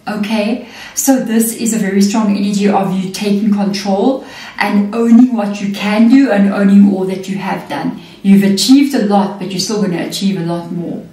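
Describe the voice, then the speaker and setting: A woman's voice: medium pitch, mellow. A woman giving a chatty tarot reading, often checking in with "okay" and "you know what I mean.". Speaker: tarot reader. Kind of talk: casual spiritual reading. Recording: echoey room, mic at a distance.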